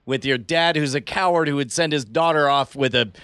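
A man's voice: on the high side, a little fast, fairly bright tone, clear, resonant tone, dry recording. A man playing a tabletop role-playing game, talking playfully with stammering restarts. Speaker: player. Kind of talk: tabletop role-play chat.

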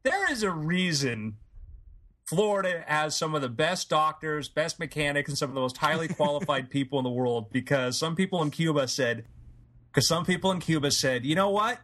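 Bright, joking podcast guy. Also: fairly high pitch, animated, moderate pace. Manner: jokey, riffing, breaks into silly voices. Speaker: podcast co-host. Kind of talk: casual comedic chat.

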